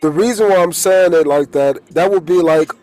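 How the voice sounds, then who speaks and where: A man with a high-pitched voice gives a loose, rambling spiritual talk as a holistic coach. He circles back on his points and swears freely when he gets worked up. Quiet music plays softly behind him. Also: normal speed, no echo, low-quality recording.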